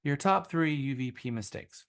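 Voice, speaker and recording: A man's voice: mid-range voice, lively intonation, normal speed, clear, resonant tone. A man leading a live sales training class in a casual way, with many ums and uhs.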